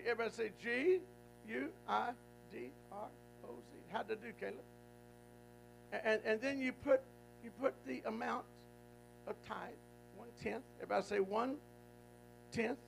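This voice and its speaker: A man's voice: very high-pitched, vocal fry, a little hiss or hum, rough recording. A man preaching a folksy, call-and-response sermon, emphatic and repetitive. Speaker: guest preacher.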